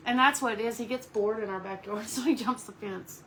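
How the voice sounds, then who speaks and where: A woman's voice: on the high side, brisk, fairly bright tone, slight background noise, rough recording. Chatty woman on a home craft stream. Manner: chatty, coos at her dog between crafting talk. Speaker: crafter live streaming to viewers. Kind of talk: casual live-stream chat.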